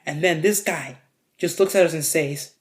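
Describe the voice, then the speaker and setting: A man's voice: on the high side, moderate pace, slight background noise. A man telling a story in a casual vlog, rambling, swearing freely, and full of fillers. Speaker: vlogger.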